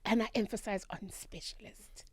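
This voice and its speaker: A woman's voice: medium pitch, moderate pace, breathy edge, no room sound, clean studio sound. Emphatic South African woman recounting. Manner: animated, emphatic retelling. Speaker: guest, traditional healer. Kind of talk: candid storytelling interview. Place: radio studio.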